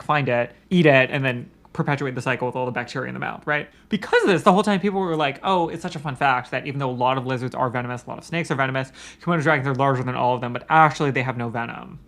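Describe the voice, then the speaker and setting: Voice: medium pitch, fairly bright tone. A co-host in their late twenties on a book podcast, explaining animal facts and trading nerdy references. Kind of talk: casual podcast chat about a book.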